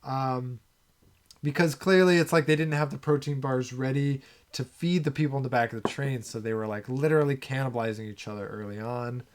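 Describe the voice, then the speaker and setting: A man co-hosting a film podcast, talking through scenes in a relaxed, rambling way with lots of fillers. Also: mid-range voice, brisk. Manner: relaxed, thinking aloud with many fillers. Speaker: podcast co-host. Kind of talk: casual film discussion.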